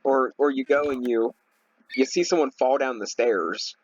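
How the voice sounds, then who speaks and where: A man's voice: mid-range voice, normal speed, slightly rough, dull audio. A young man giving casual gameplay commentary while ranting in an irritated, rambling way, full of "like" fillers. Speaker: Let's Play commentator.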